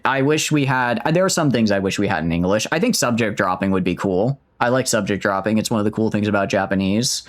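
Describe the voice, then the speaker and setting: A man streaming a video game, chatting casually and rambling in a self-mocking way with many restarts. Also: mid-range voice. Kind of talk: casual let's-play commentary.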